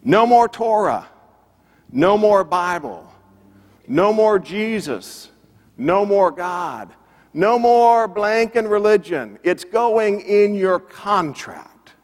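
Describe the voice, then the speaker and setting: A man playing an angry male record company boss who yells and hammers each demand, heard in a big reverberant room. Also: mid-range voice, big pitch swings, very slow, exaggerated voice. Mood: yelling. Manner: shouting, hammering each phrase.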